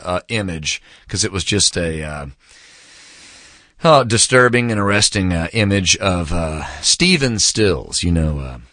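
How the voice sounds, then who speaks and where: Low-voiced man telling loose anecdotes. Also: a bit bright, no echo, studio quality. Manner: laid-back, anecdotal, many fillers and "man". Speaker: book reviewer. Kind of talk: casual rambling storytelling.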